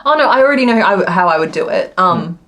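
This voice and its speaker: A woman's voice: medium pitch, expressive, fast, fairly bright tone. A woman chatting casually on a crochet livestream, rambling and laughing often. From Australia. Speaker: crochet streamer.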